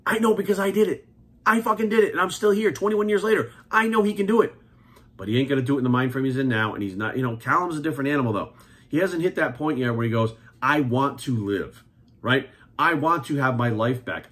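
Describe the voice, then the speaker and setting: A man's voice: fairly high pitch, a bit bright. A man in his forties, a fitness coach, ranting bluntly and heatedly, swearing constantly and repeating his points. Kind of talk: profane opinion rant to camera.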